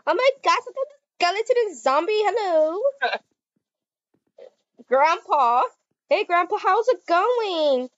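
A woman playing a game with a friend, giggling and excitedly talking to the characters on screen. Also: very high-pitched, a little slow, long pauses, no room sound. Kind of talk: casual gameplay chatter. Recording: muffled lo-fi dry recording.

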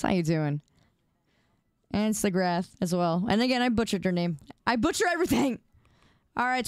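A woman's voice: on the high side, dry recording, studio quality. A sleep-deprived woman streamer chatting casually and playfully with her viewers, teasing and pleading. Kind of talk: casual live-stream chat.

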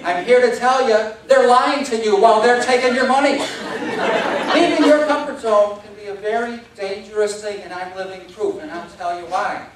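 A man delivers a humorous speech with lively, self-mocking storytelling. His voice rings through a large, echoey hall and is picked up from well back. Audience laughter and room noise sit behind him. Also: high voice, moderate pace, recorded from a distance, a faint crowd. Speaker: contest speaker.

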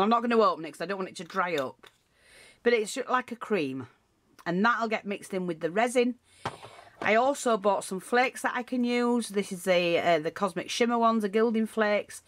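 A woman's voice: medium pitch, animated, moderate pace. A woman giving a casual, rambling craft tutorial, full of asides and restarts.

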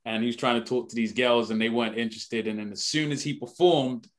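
A man's voice: mid-range voice, steady tone, fast. A young man, a guest on a radio morning show, talking earnestly and animatedly, often saying "man". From United Kingdom. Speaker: actor guest. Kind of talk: casual radio interview. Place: radio studio.

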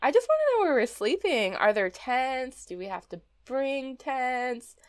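A woman's voice: high-pitched, sing-song, unhurried, smooth. Giggly woman chatting over a life-sim game. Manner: chatty, giggly, exclaims at small things. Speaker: let's play host. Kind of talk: casual gameplay commentary.

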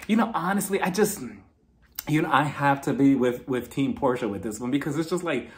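A man giving a casual, chatty recap of a reality-TV episode, animated and laughing often. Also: mid-range voice, fairly quick.

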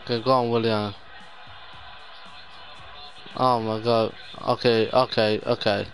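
A young gaming YouTuber with a low-ish, level voice speaks slowly over soft background music while giving live gameplay commentary, despairing and muttering between sudden outbursts.

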